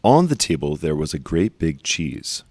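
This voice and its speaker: Storybook reader: man, very deep voice, slow and emphatic, dry close sound. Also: sing-song, darkish tone, dry recording. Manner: slow, emphatic on repeated phrases. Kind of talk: storybook read-aloud.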